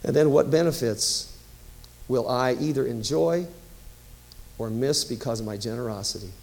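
A man's voice: medium pitch, moderate pace, gravelly, darkish tone, low-quality recording. A man preaching a sermon as pastor, telling stories in a conversational way with emphatic rises.

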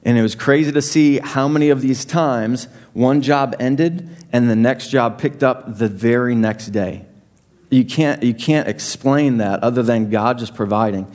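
A young man delivers a sermon in a relaxed, conversational way. He pokes fun at himself and throws in lively asides, at an everyday mid-range pitch. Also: unhurried. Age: young adult. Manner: conversational, self-deprecating, animated asides. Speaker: pastor.

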